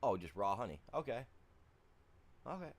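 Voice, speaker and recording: Really deep voiced guy streaming a farm game, rambly chatty, keeps saying you know. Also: sing-song, normal speed, husky. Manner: rambling, talks to chat, lots of "you know". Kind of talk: casual gaming livestream chat.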